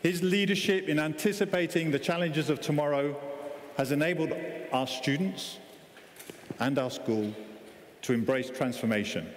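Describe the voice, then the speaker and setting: A man hosting a graduation ceremony, speaking to the audience in a rousing, deliberate way. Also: on the high side. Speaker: master of ceremonies. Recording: echoey hall with long reverb, faint crowd and noise.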